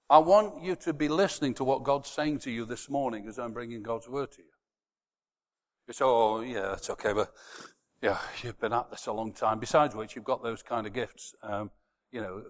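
A man preaching a sermon to a congregation, swinging from quiet, close talk to loud shouted emphasis. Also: medium pitch, normal speed, in a large hall.

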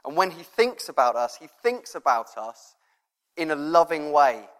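A man's voice: a little high, very animated, moderate pace. A man giving an informal, chatty sermon as a preacher, rambling a little with fillers. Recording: long reverb of a hall.

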